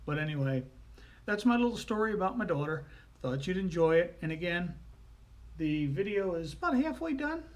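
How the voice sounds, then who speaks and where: A man telling family anecdotes in a casual, folksy way, with frequent pauses and fillers. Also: sits high, big pitch swings. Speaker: storyteller.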